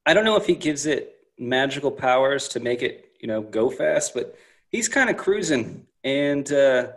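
A man's voice: mid-range voice, animated, moderate pace. A man co-hosting a podcast, chatting casually about a horror movie in an easygoing way, laughing often. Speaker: podcast co-host. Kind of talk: casual movie recap chat.

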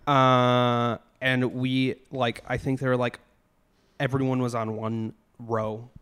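A young man chatting as a podcast guest, halting and hesitant as he recalls things. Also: medium pitch, little pitch movement, fairly bright tone, clear, resonant tone. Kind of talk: casual chat.

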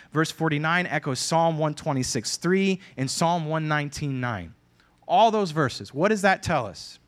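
A man delivers a sermon in an earnest, emphatic way. He drives his points home by repeating key phrases, in the steady manner of a pastor addressing his congregation. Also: a little high.

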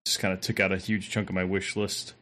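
A man's voice: sits low, flat delivery, quick pace, pushed and bright. A man co-hosting a podcast, chatting in a laid-back, hedging way with casual swearing. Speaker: podcast co-host.

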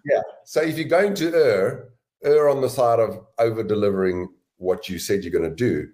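Low-voiced man explaining deliberately. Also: a little mellow. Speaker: guest author and sales educator. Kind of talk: interview answers.

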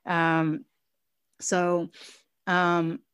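A woman speaks with earnest reflection in a candid interview, her voice sitting on the lower side and often restarting her phrases. The sound is close and dry. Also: monotone, very slow, fairly bright tone, clear, resonant tone, no room sound. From Chinese heritage. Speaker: interview guest, business founder.

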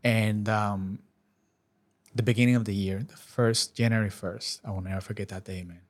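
As a podcast guest, a man tells an emotional personal story, earnest and halting, often starting over. His voice sits fairly low with quite even intonation.

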